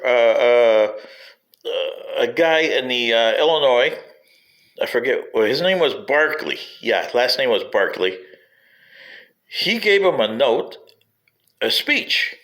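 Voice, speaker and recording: A man's voice: medium pitch, a bit bright, rough recording. A man giving a rambling spoken history commentary, digressive and wry, sometimes addressing politicians directly.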